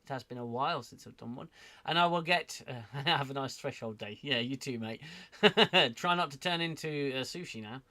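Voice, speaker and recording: A man hosts a casual livestream, talking to his chat in a rambling, self-deprecating way. His voice has a gravelly, fry-heavy edge at a middling pitch, and he apologizes often as he drifts between thoughts. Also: moderate pace, sharp tone. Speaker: livestream host.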